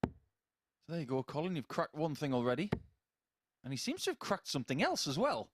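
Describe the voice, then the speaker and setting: A male former player commentates on darts in a chatty, playful way. His voice is slightly high for a man and swoops through a wide, animated range. The sound is dry and close, as a commentary box would give it. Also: fairly quick, no room sound. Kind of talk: live sports commentary.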